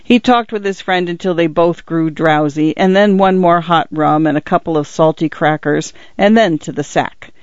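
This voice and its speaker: Man, literary narration, measured, expressive, slightly high voice, dry close sound. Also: smooth, no room sound, highs cut off. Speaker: audiobook narrator.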